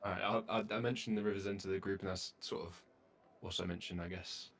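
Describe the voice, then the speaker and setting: A man playing a tabletop game, making quiet, mumbled asides to the group. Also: low voice, fairly even intonation, quick pace, creaky. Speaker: player.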